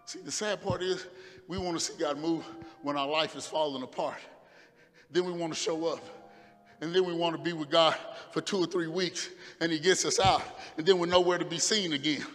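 A male pastor preaching a fervent sermon, dropping to quiet asides and rising to shouts. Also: on the high side, steady tone, brisk, in a large hall, soft background music. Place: church sanctuary.

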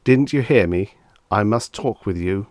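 Mister Demise, calm sinister Death, voiced by a man. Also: fairly low pitch, no echo, studio quality, close to an everyday voice. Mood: cold calm. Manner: quiet, measured, coldly calm. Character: calm, sinister little male figure of Death.

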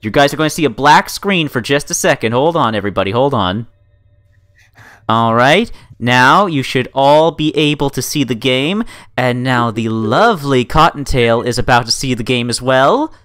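A man's voice: mid-range voice, lively intonation, normal speed, a bit bright, no room sound. A man hosting a casual livestream, chatting in an upbeat way and greeting and thanking his viewers. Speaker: stream host.

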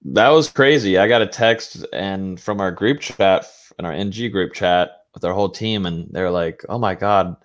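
Deep-voiced, laid-back young sports co-host. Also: male voice, moderate pace, hardly any pauses. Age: young adult. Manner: laid-back, rambling, laughs easily. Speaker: co-host, team analyst. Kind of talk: casual sports talk show.

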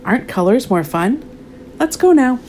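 A bold, bossy young girl from a storybook, as a woman reading aloud puts her on. She speaks high and full of energy, and her voice rises and falls widely. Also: very animated, normal speed, darkish tone, slight background noise.

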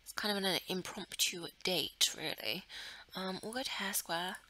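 A woman's voice: lowish voice, unhurried, sharp tone, poor audio. A woman giving casual, giggly commentary as she plays a life-sim game, thinking aloud and often dropping to a murmur or whisper. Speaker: let's play host.

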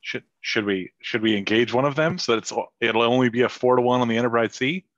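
A man's voice: medium pitch, steady tone, quick pace, fairly bright tone, no echo. A man playing a tabletop game, often stumbling and repeating words, on a dull lo-fi recording. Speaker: player. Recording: dull lo-fi audio.

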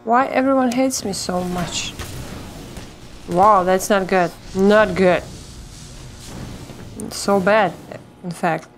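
A woman's voice: mid-range voice, slow, long pauses, slight background noise. A woman commenting on her own gameplay, swearing a lot and shrieking when startled. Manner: swearing, yelping and shrieking at scares; talks to herself and the viewers. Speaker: gamer playing a let's play.

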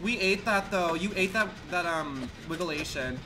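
A man livestreaming a game in campy, slangy commentary that swings between loud outbursts and low mutters. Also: expressive, unhurried, background noise. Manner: campy and dramatic, full of slang. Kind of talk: live gameplay commentary. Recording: loud game music under the voice.

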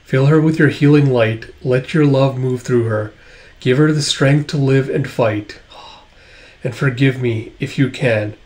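A man's voice: mid-range voice, unhurried, a little mellow, close to an everyday voice. A man voicing an earnest, guilt-ridden young nobleman praying in a comic read-aloud. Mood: pleading. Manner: pleading, solemn.

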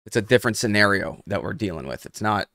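A man's voice: on the low side, expressive, fast, a bit bright, no echo, studio quality. A young adult man hosting a live trading stream. He talks casually and speaks straight to his viewers in the chat. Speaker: host.

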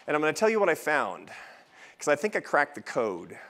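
A man's voice: a little high, wildly swooping pitch, brisk, bright, forceful tone. A man in his fifties giving a keynote talk at a festival, telling a personal story with wry asides. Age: 50s. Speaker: think-tank president giving a festival talk. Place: large event hall with an audience.

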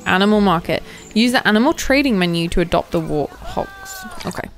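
A woman's voice: mid-range voice, sing-song, fairly quick, soft background music. A young woman giving casual gameplay commentary, gushing and cooing over the animals. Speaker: gaming video host.

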